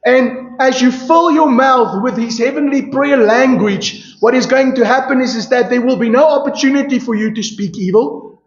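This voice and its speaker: Male pastor, high voice, emphatic sermon delivery, echoey church room. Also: moderate pace, few pauses. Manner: emphatic preaching with rhetorical questions and repeated "you see". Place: church hall. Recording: echoey church hall, dull lo-fi sound. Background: congregation calling out responses.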